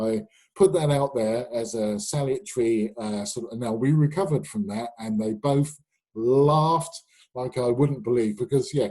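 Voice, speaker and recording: A middle-aged or older British sales trainer hosts a live webinar, walking his audience through his sales ideas. His mid-range voice is dark and slightly husky, and his chatty, anecdotal delivery is packed with fillers and restarts. He uses a webinar microphone, and the audio quality is poor.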